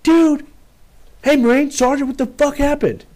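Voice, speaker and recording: A man voicing his angry male first sergeant, who yells and swears as he berates a soldier. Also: extremely high pitch, fairly even intonation, moderate pace, pitched above the performer's own voice. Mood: berating. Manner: yelling, berating, profane.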